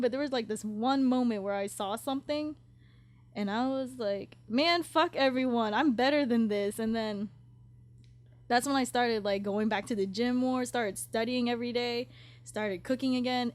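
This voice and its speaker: A woman's voice: a little high, a little mellow. A woman in her twenties hosting a casual podcast chat, talking candidly, swearing freely and laughing often. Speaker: podcast host.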